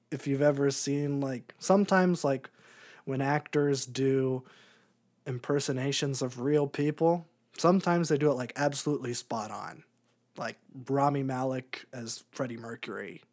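A man co-hosting a podcast in casual chat, rambling, laughing often and trailing off into quiet filler words. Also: mid-range voice. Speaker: podcast co-host.

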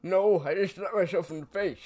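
A man's voice: high-pitched, a little fast, a little mellow, close to an everyday voice. A man playing a silly old man who co-hosts a podcast, arguing playfully and firing off goofy retorts in an improvised comedy sketch. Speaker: podcast co-host.

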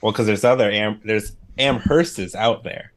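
A man's voice: lowish voice, a little slow. A young man, co-hosting a casual podcast in a laid-back, easygoing, rambling way.

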